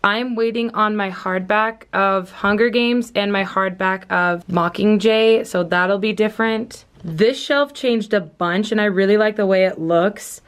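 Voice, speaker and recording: A woman's voice: medium pitch, unhurried, hardly any pauses, clean tone. A young woman from Southern California chatting casually in a home vlog, rambling with lots of fillers and small laughs. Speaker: book vlogger. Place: at home indoors.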